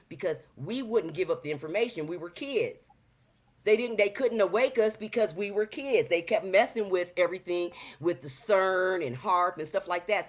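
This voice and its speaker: A woman in her fifties with a slightly low voice, talking in a loose, slang-filled way. She preaches with animated energy and acts out the people she quotes, like a guest holding forth on a talk show. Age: 50s. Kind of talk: casual chat.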